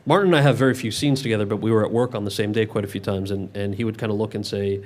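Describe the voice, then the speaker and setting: A man's voice: lowish voice, fairly even intonation, racing, few pauses, a little mellow. A male actor answering audience questions at a public Q&A, candid and often restarting his sentences. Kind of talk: public Q&A conversation. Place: event with live audience.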